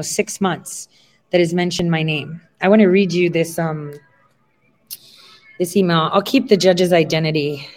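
Rambling woman streamer from Ohio. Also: low voice. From Ohio, USA. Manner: rambling, with many fillers and asides. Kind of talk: casual livestream monologue.

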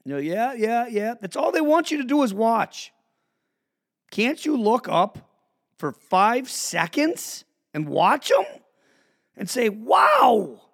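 A man with a fairly high voice rants into his podcast mic, swearing freely. His pitch leaps all over the place, dropping to low grumbles and then jumping up into shouts. He sounds like a worked-up host sounding off to his listeners. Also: slow, pauses often. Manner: animated, profane, swings from mutters to shouts. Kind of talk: ranting monologue.

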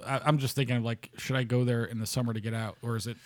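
A relaxed man co-hosting a casual podcast, quick to laugh and full of questions. His voice sits at an ordinary middle pitch. It is recorded up close in a dry room with no echo. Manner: laughs often, easygoing, asks questions. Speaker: podcast co-host. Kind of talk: casual chat.

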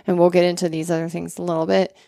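A woman co-hosting a health podcast, explaining things in a quick, conversational way and often checking in with "right?". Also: on the low side, flat delivery, vocal fry, dark tone, no room sound. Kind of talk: explanatory casual chat.

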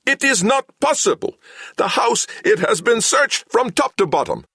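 A shrill, squealing automaton with a cheap voice box, pompous and forever outraged. The voice swoops high and wild. It is recorded close and dry, like a storybook reading. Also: male voice, sing-song, moderate pace, pushed and bright, husky, no echo, heavily acted. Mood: furious. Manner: shrill and furious. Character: squeaky-voiced pompous man in a clumsy mechanical body.

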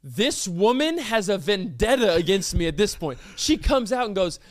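High-voiced young man telling a story. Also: no room sound. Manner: animated and indignant, with quick rhetorical questions. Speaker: podcast host. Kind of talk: casual storytelling.

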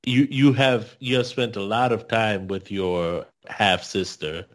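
A man's voice: on the low side, steady tone, a little slow. A man co-hosting a podcast, giving a thoughtful, hedging take with frequent fillers. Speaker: podcast co-host. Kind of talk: casual podcast discussion.

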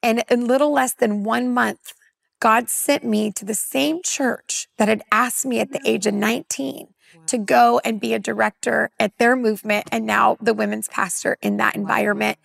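A woman in her forties from California, a women's pastor, telling a personal testimony in an earnest, animated way during a panel conversation. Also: a little high, moderate pace, gravelly, no echo. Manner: earnest, animated storyteller who acts out dialogue.

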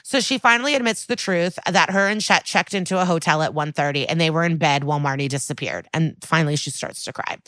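A woman's voice: low voice, fast, few pauses, no room sound. A woman co-hosting a podcast, recapping a crime TV episode in casual chat, quoting characters and swearing freely. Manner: swearing, lively recap with quoted dialogue.

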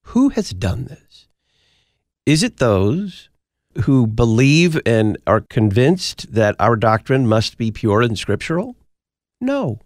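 Emphatic, animated radio talk host man. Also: mid-range voice, takes it slowly, no room sound, studio quality.

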